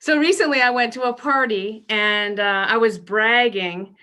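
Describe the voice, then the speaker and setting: A woman's voice: on the high side, a little slow, sharp tone. A woman in her fifties doing a stand-up routine, brash and self-deprecating with bawdy punchlines. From Canada. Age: 50s. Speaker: stand-up comedian.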